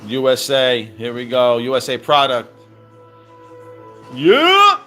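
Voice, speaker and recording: A man giving excited, slangy commentary over cartoon clips, repeating himself and calling out to viewers. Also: mid-range voice, moderate pace, smooth, faint music behind. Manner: hyped, slangy, repeats phrases, calls out "baby" and "fam". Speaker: crypto commentator.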